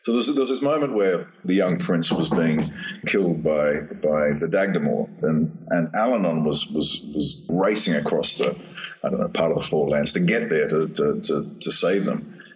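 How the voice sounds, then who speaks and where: Deep-voiced male actor telling a story. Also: normal speed, a little hiss or hum. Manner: rambling, repeats words and restarts, laughs at his own story. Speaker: actor guest. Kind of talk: storytelling anecdote in an interview. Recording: distant from the mic.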